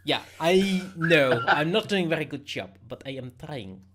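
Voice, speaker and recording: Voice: mid-range voice, animated, moderate pace, fairly bright tone, slight background noise. A game master running a tabletop game, narrating hesitantly with restarts.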